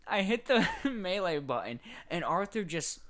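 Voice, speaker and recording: A young man co-hosting a casual podcast, telling game stories with lively acted-out voices. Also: sits high, a little slow. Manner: animated storyteller, acts out game characters. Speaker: podcast co-host. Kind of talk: casual chat.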